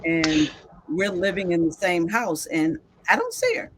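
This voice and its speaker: Soft-spoken reflective woman. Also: lowish voice, wildly swooping pitch, unhurried, a little hiss or hum. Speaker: podcast co-host, mother of guest. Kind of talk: reflective conversational talk.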